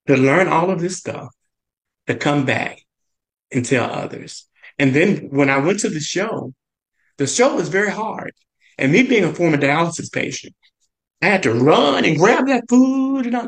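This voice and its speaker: A man, a guest chef, earnestly recounting a personal story in a halting way, with many "and, uh" fillers and his pitch jumping up whenever he quotes someone. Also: lively intonation, vocal fry, rough recording. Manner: pitch leaps up when quoting others.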